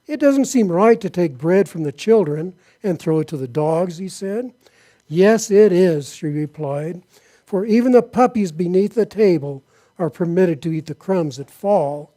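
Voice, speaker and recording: Reading Bible passages and then questioning his congregation, a pastor delivers an animated sermon at a measured pace. His tone is mellow and soft, though his pitch runs high for a man.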